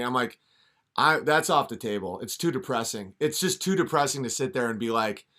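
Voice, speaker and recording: Man, podcast host, rambling comedic rant, animated pitch. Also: brisk. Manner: rambling, restarting mid-sentence.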